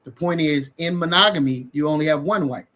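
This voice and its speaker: Man, bright sharp voice, step-by-step reasoning, casual teaching, video call. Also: fairly high pitch, a little fast. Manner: reasoning step by step, asks and answers his own questions. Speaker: bible study participant.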